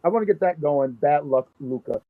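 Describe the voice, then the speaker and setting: A man's voice: on the high side, a little fast, no echo. A man in his thirties co-hosting a casual wrestling chat, riffing and joking playfully. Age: 30s. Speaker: podcast co-host. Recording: thin phone-like line.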